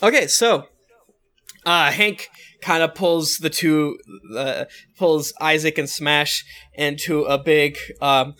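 A man's voice: a little high, slow, sharp tone. A man narrating a tabletop game as game master, playful and laughing often. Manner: playful, laughing, many fillers.

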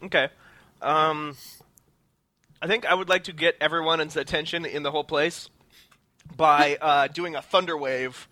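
A man's voice: on the high side, fairly even intonation, a little slow, long pauses, bright, forceful tone. A man playing a tabletop game, chatting casually in a playful, hammy way. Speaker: player.

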